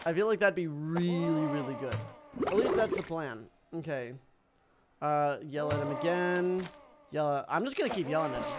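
A man giving casual let's-play commentary as a streamer, excitable and crying out loudly at the game. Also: high-pitched, fairly quick. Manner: excitable, yelps and cries out at the game. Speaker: gaming streamer. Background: game music.

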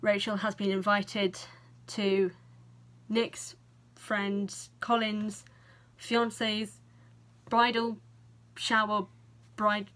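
Young British woman, vlogger, casual and chatty film rundown, animated, mid-pitched, swears freely. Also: drawn-out words, pauses often. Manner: chatty and animated, swears freely, playfully acts out characters' reactions.

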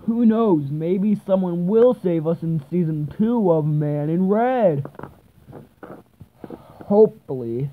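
A speaker acts out every part in a homemade fan drama, one moment loud and excited, the next low and mumbling. The delivery is unhurried. The sound is thin and phone-like, with a faint hiss underneath. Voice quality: excitable, shifting between loud outbursts and mumbled asides. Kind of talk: amateur one-person fan drama, doing every role.

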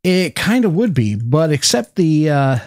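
A man's voice: fairly high pitch, big pitch swings, a little slow, a little mellow, no echo. A man casually chatting and teasing on a live craft stream. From North Carolina, USA. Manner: joking, teasing. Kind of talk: casual chat.

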